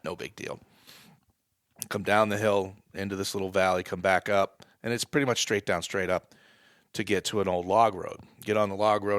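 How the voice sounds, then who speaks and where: A low-pitched man with a gravelly New England voice recounts a hunt in a podcast interview. The sound is dry and close, with no room around him. He builds excitement as the story peaks. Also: dry recording. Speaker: guest, wildlife department staff.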